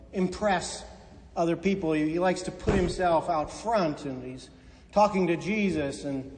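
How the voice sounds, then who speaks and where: A male preacher with a notably high voice delivers a storytelling sermon. He voices the people in his stories and sinks into soft, slow phrases at the turning points. Long reverb trails behind his words. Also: slight background noise.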